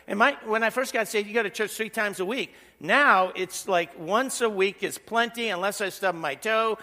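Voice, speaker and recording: A man's voice: sits high, normal speed, bright, forceful tone, big-room sound. A middle-aged man preaching a sermon as pastor, in a conversational way that leans on rhetorical questions.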